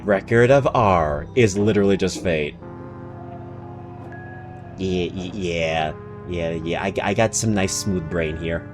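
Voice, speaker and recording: A young man streaming a game, chatting with viewers in a self-mocking, animated way that jumps into high exclamations. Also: slow pace, long pauses, over music. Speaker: streamer and voice actor. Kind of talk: casual live-stream chat while playing.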